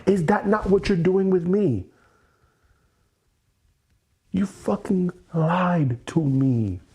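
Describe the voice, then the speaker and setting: A man's voice: high voice, takes it slowly, a little mellow. A man hosting an EFT tapping session, venting with angry, profane, repetitive words and weary sighs.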